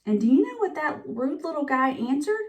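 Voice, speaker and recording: A woman's voice: high-pitched, sing-song, normal speed, voice pushed up. A woman reading a picture book aloud as a sniffly, self-pitying male wolf who tells his side of the story in a confiding voice.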